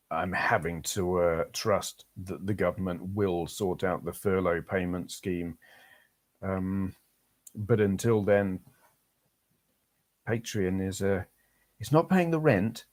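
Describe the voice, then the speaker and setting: A man's voice: low-pitched, a little mellow. An English man hosting a casual live stream, chatting loosely and reading out viewer comments.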